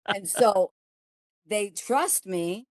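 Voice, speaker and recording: A woman's voice: mid-range voice, extremely slow, dry recording, clean studio sound. A middle-aged woman with a Buffalo accent, a golf teacher telling stories in an interview and acting out both sides of the dialogue. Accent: Buffalo, New York. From Buffalo, New York. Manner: blunt, animated storyteller who acts out dialogue. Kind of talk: storytelling interview.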